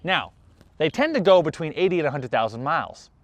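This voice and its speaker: Animated man telling a car story. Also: fairly quick, dry recording. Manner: animated, acts out every side of each exchange; self-mocking, jumps in pitch when excited.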